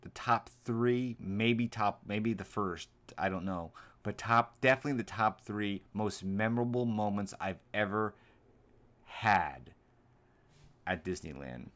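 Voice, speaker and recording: A man's voice: lowish voice, unhurried, a bit bright. A man vlogger reacting live to his old videos, rambling and earnest as he thinks aloud.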